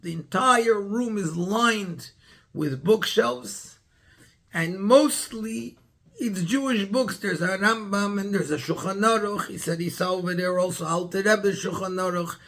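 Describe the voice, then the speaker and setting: A man's voice: high voice, measured pace, a bit bright. A man, a rabbi, tells a story in a Torah class, stopping often to search for words and restart his sentences.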